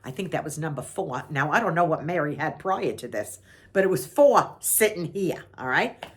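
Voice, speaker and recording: A woman's voice: sits low, animated, moderate pace. A middle-aged woman from New York, telling a funny story to her channel in a chatty way and laughing often. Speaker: vlogger. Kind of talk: casual storytelling.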